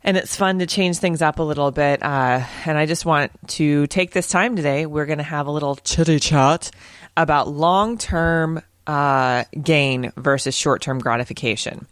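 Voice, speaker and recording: Relaxed woman podcast host. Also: sits low, normal speed, smooth, no room sound, clean studio sound. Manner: relaxed, stretches words out. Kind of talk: casual monologue.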